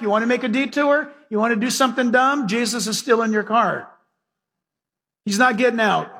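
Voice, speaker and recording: A man preaching a sermon as pastor, animated and folksy, acting out scenes for the congregation. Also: extremely high pitch. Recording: hall reverb.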